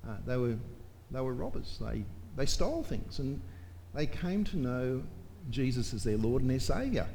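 A man's voice: mid-range voice, very animated, moderate pace, gravelly, warm tone, slight background noise. A man preaching a sermon in a church, emphatic and full of rhetorical questions to his congregation.

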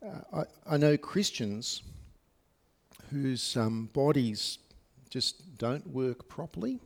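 A man's voice: mid-range voice, animated, slow pace, gravelly. A man preaching a sermon to his congregation, speaking conversationally with many fillers and asides. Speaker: pastor. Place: church service.

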